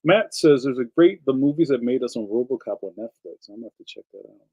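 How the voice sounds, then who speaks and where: A man's voice: medium pitch, lively intonation, fast talker, warm tone, breathy edge, highs cut off. Rambling man chatting with stream viewers. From Philadelphia. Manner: rambling, jumps between topics. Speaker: live stream host. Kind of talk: casual live-stream chat reading viewer comments. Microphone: streaming setup.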